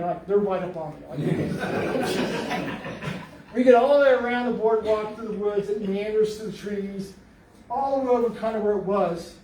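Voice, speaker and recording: A Bigfoot researcher with a high voice jokes his way through a lively story for a library audience, performing other people's quotes. It's recorded from afar in a spacious meeting room, with faint background noise.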